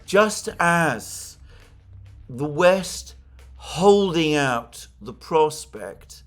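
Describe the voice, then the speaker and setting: A man giving solo political commentary in a measured, explanatory way. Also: on the high side, big pitch swings.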